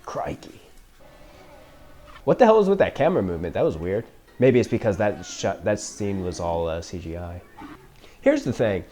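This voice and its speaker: A man's voice: sits low, sing-song, brisk, mellow, faint music behind. A man reacting to a movie for the first time, joking, sarcastic and swearing freely as he comments. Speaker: film reaction host.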